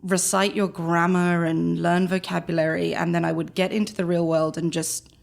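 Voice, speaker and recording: A woman with a London accent, a guest chatting casually in an interview, animated and quick to laugh. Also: lowish voice, gravelly. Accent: London English. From London, England. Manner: animated, laughs often, rapid bursts. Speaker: guest, chamber engagement director.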